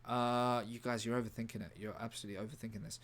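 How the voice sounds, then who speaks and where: A man streaming live in a rambling, deadpan way, breaking off to answer his chat. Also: medium pitch, quick pace. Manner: rambling, deadpan, self-interrupting. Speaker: livestreamer reading chat. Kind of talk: casual livestream chat.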